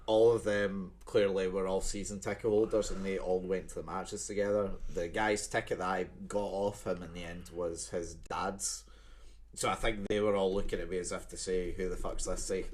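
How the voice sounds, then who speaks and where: A man's voice: sits low, slight background noise. A man in his twenties with a Scottish accent, co-hosting a podcast in casual chat, telling stories with lots of swearing. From Scotland. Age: 20s. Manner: swearing, storytelling with laughs. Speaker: podcast co-host.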